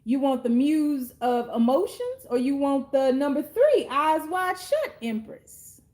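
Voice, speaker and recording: A woman tarot card reader in a casual reading monologue, talking bluntly, sassily and with plenty of profanity in slangy, drawn-out street talk. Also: high-pitched, very animated, warm tone.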